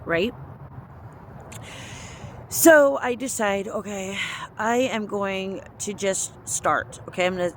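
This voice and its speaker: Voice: mid-range voice, fairly bright tone, a little hiss or hum. A speaker earnestly telling a personal faith story in a casual, rambling way, often quoting their own thoughts. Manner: earnest, rambling retelling with quoted inner speech. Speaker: storyteller sharing a faith testimony. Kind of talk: casual spoken testimony.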